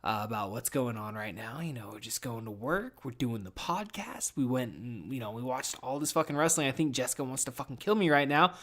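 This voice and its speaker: A man's voice: medium pitch, animated, a little fast, few pauses, a bit bright. A young man hosting a podcast, rambling casually from his room at home with plenty of swearing. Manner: rambling and profane, laid-back. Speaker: podcast host. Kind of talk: casual solo podcast chat.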